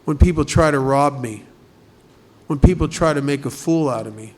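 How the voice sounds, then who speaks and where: A man's voice: on the high side, normal speed. A man speaking at a recovery group study, talking conversationally and asking many rhetorical questions. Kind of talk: recovery talk.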